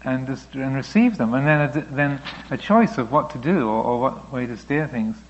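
Gravelly-voiced man teaching meditation. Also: medium pitch, expressive, moderate pace, lo-fi sound, slight background noise. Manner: reflective, gently explaining, voicing thoughts aloud. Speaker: Buddhist teacher answering questions. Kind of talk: dharma talk Q&A.

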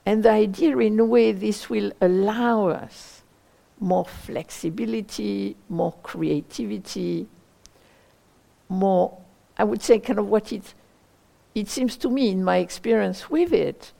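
A woman meditation teacher giving a dharma talk, searching for words slowly with many pauses and hedges. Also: mid-range voice, vocal fry, warm tone.

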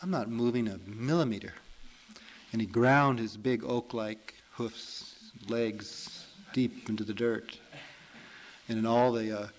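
Man, meditation teacher, storytelling talk, relaxed, chatty, mid-pitched voice. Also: poor audio. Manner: relaxed, chatty, many fillers and self-corrections.

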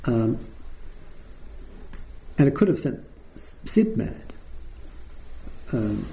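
A man's voice: mid-range voice, very animated, very slow, vocal fry, warm tone, muffled recording. A male meditation teacher giving a conversational dharma talk with frequent ums, in a meditation hall. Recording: roomy hall echo.

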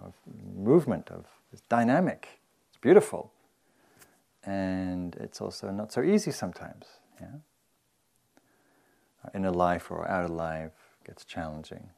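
Gravelly low-voiced man giving a dharma talk. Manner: relaxed and chatty, often says "you know" and laughs softly. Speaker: meditation teacher.

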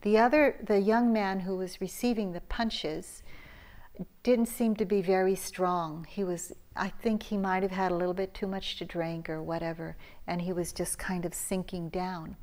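A woman's voice: lowish voice, fairly even intonation, moderate pace, a little mellow. A middle-aged woman teacher giving a dharma talk at a meditation retreat, telling a story conversationally with laughs and restarts.

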